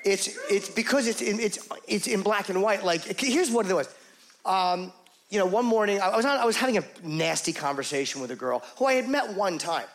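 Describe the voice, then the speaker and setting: High-voiced man doing crude stand-up. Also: a little fast. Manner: rambling, crude, self-mocking, animated. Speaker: stand-up comedian. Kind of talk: stand-up comedy storytelling.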